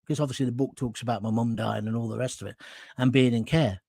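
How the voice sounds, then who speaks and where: A man's voice: medium pitch, steady tone, fast talker, vocal fry, warm tone, dry recording. A man, hosting an online talk show and chatting casually through viewer comments in a blunt, jokey way with crude asides. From England.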